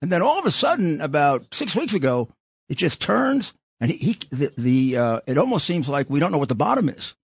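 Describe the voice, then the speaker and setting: A man's voice: fairly high pitch, sing-song, fairly quick, breathy edge, dry recording. A man hosting a political talk show, talking bluntly and rambling, with frequent restarts. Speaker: podcast host.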